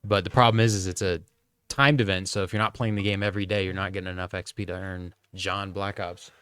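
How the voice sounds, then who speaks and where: A man co-hosting a podcast in casual chat, telling animated, profane stories. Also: deep voice, quick pace, clear, resonant tone, no echo, clean studio sound. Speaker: podcast co-host.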